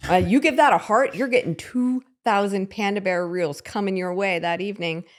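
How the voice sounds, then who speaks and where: A woman co-hosting a casual podcast, chatty and animated, acting out little quotes as she talks. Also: medium pitch, moderate pace. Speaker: podcast co-host.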